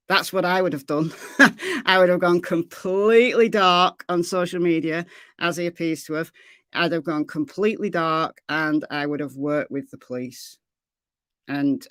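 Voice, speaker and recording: Chatting with viewers on her casual true crime livestream, this Lancashire-born host speaks in a low voice with a Lancashire accent, repeating phrases and reading chat messages aloud. The sound is dry and close-miked.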